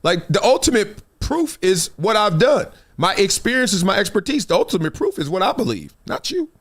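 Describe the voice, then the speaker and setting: A man in his fifties hosting a talk show, telling stories in a casual, animated way and acting out other people's lines. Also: high-pitched, moderate pace. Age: 50s. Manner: animated storytelling, acts out quoted voices, frequent laughs. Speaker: show host.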